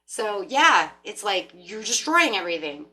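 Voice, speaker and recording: A woman reads tarot for a general audience and chats her way through the cards. She talks in a loose, rambling manner with animated asides. Her voice is bright and forward. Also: medium pitch, a little slow. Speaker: tarot reader. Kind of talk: casual spiritual talk to camera.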